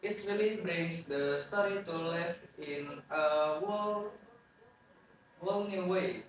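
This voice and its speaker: A young man co-hosting a student book podcast, speaking in a measured, thoughtful way. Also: a little high. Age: young adult. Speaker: podcast co-host. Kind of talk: scripted casual podcast chat. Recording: echoey room, far-off mic, faint noise.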